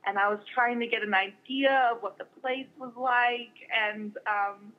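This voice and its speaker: A young woman being interviewed as a guest, speaking warmly and haltingly with many fillers and restarts. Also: fairly high pitch, fairly even intonation. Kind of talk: casual interview. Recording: dull lo-fi recording.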